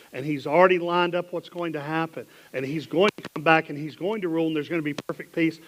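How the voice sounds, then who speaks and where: A man with a Southern American accent preaching a sermon in a church, reading scripture dramatically and dropping into quiet asides. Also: a little high, rough recording. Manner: animated, dramatic Bible reading with sudden drops to hushed asides. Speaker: pastor. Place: church sanctuary.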